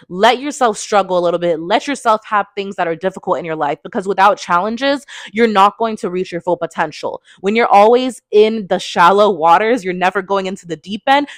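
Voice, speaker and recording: A woman in her twenties giving an emphatic, fervent motivational talk into a phone, often tagging her points with a quick question. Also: medium pitch, dry recording, studio quality. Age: 20s. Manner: emphatic and fervent, tags lines with "okay?". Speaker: motivational speaker.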